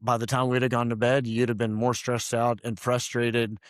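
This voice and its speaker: A middle-aged man co-hosting a podcast, speaking in relaxed, reflective casual chat and laughing easily. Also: medium pitch, normal speed, clean tone, dry recording, studio quality. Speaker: podcast co-host.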